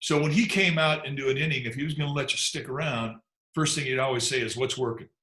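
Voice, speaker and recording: A man who once pitched in the big leagues, telling stories from the mound in a relaxed, laid-back way with chuckles and asides. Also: fast talker. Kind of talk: relaxed anecdotal storytelling. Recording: echoey room.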